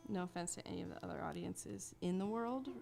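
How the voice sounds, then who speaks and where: A singer-songwriter woman chatting casually between songs in a rambling, self-deprecating way, with soft laughs. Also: on the low side, fast, creaky. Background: guitar tuning faintly.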